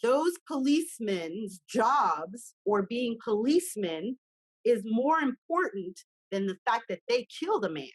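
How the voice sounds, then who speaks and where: A woman with a slightly high, husky voice speaks as a guest in a conversation. She talks with passion and acts out small scenes as she makes her point. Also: very animated, unhurried, poor audio.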